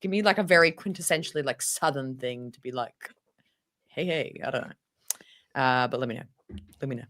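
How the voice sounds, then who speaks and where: Lively woman hosting a livestream. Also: a bass voice, brisk. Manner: bubbly, laughs a lot, repeats words. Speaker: livestream host. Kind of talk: casual livestream chat.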